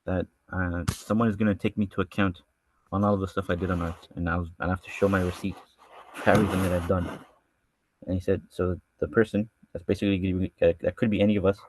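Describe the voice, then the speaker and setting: A man's voice: low voice, level tone, quick pace, darkish tone, slight background noise. A man teaching a verse-by-verse scripture lesson who reads each Arabic line and then explains it casually, often restarting his sentences. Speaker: religious studies teacher.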